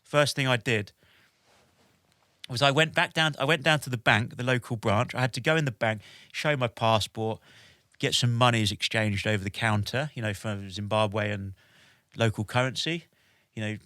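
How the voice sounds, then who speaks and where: A man in his forties, a podcast guest telling a lively anecdote in an animated way, with lots of "like" and "basically". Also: mid-range voice, no room sound, clean studio sound. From United Kingdom. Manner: animated, with many "like" and "basically" fillers. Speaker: podcast guest, military veteran.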